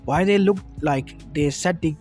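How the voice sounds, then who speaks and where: A man's voice: a little high, unhurried, a little mellow. A man reading a fan fiction story aloud, with small stumbles and restarts. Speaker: narrator. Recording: music under the voice. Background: lofi background music.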